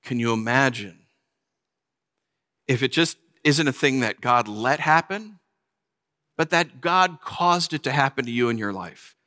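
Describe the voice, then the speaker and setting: A man preaching a sermon, telling a funny personal story with lively, animated delivery. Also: medium pitch, measured pace, pauses often. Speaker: pastor.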